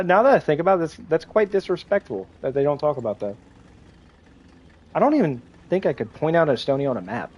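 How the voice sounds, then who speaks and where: An American man in his twenties talks loosely to his viewers while gaming, his pitch swinging up and down with lively energy. He reacts, jokes and curses between reading chat messages. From United States. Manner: chatty, swearing, reacting to chat and gameplay. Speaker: live streamer. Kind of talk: casual live-stream chat while gaming.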